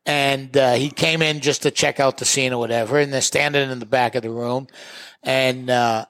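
A man co-hosting a podcast in casual chat, telling old comedy-club stories with quick jokey asides. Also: medium pitch, steady tone, a bit bright. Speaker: podcast co-host, former open mic host.

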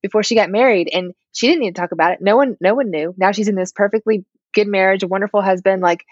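A woman's voice: mid-range voice, fast, no room sound, dull audio. A woman hosting a podcast, chatting casually and laughing easily with her guest. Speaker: podcast host. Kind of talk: casual interview chat.

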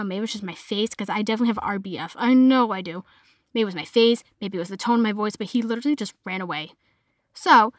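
A woman's voice: on the high side, no echo, clean studio sound. Chatty young woman with a Boston accent. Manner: chatty, heavy use of "like" fillers. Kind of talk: casual chat monologue.

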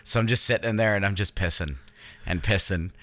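A middle-aged man co-hosting a crude, casual podcast, joking and breaking into loud impressions. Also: deep voice, a little fast. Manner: jokey, launches into loud voice impressions. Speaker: podcast co-host.

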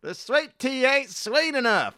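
A man putting on a shrill folksy hick. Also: very animated, unhurried, clean tone, dry recording, clean studio sound, exaggerated voice. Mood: indignant mockery. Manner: high, loud mocking caricature. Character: exaggerated folksy Southern man, loud and indignant.

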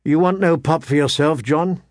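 Male narrator doing a stern lord-father: measured, authoritative. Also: fairly high pitch, no echo, clean studio sound, close to an everyday voice. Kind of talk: audiobook character voice.

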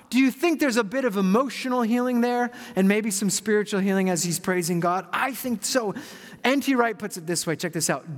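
A man preaching a sermon as pastor, telling stories in a lively, conversational way. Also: high-pitched, normal speed. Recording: long hall reverb.

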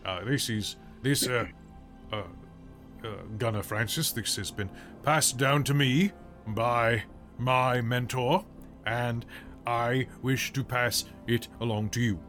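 A man's voice: medium pitch, steady tone, fairly bright tone, faint music behind. Man doing a stiff, formal old ship commodore. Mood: solemn. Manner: halting, formal, getting choked up.

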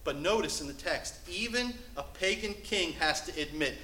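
Animated preacher, bright voice in echoey hall. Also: male voice, on the high side, normal speed, few pauses, slight background noise. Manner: animated preaching that swings from loud to hushed. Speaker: pastor. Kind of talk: sermon. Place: church sanctuary.

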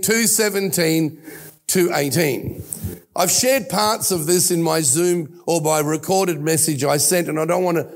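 A man in his sixties with an Australian accent preaches in an earnest, personal way, stopping now and then to restart a thought. His voice sits a bit high for a man and has a gravelly edge. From Italy. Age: 60s. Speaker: pastor. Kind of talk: sermon.

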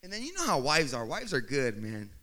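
A man telling a humorous personal story to an audience, acting out the scenes and building up to shouts. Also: medium pitch, a little fast. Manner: animated, acts out scenes, rising to shouts.

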